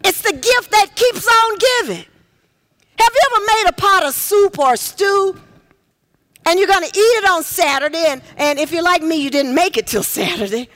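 A woman preaching a sermon with call and response, folksy and direct, swinging from shouts to near-whispers. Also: extremely high pitch, lively intonation, normal speed. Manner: folksy, talks directly to the congregation.

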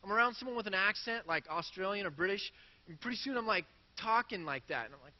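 A man's voice: sits high, lively intonation, quick pace, big-room sound, highs cut off. A man preaching a sermon in a church, earnest and self-deprecating as he works through quoted scripture. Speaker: pastor.

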